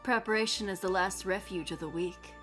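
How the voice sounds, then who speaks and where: A woman's voice: mid-range voice, a little fast, a bit bright, soft background music, lightly acted. A woman reading as Godot, a cool cryptic male prosecutor.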